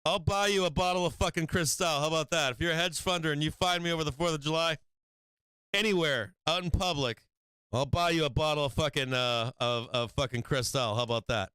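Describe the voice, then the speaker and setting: A man's voice: on the high side, brisk, pushed and bright, clear, resonant tone, no echo. A man hosting a stock trading livestream in casual chat, rambling and swearing freely, often breaking into laughter.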